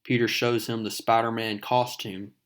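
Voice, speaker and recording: A man's voice: medium pitch, little pitch movement, normal speed, fairly bright tone. A man casually retelling a comic book issue panel by panel, talking to his viewers as folks. His delivery is loose and chatty, full of fillers. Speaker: comic book recap narrator. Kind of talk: casual comic recap narration.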